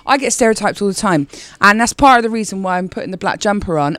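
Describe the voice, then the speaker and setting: A woman's voice: medium pitch, expressive, a bit bright. Chatty Bristolian woman. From Bristol, England. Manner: chatty, rambling, quick asides. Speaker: comedian guest. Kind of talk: casual interview chat.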